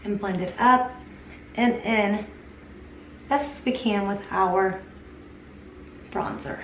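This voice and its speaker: Talking slowly in a mid-range, slightly bright voice, a young woman reviews makeup for her beauty channel. She's chatty and enthusiastic, addressing her viewers as "you guys." The sound is distant and a bit off-mic, with room echo and a faint hiss.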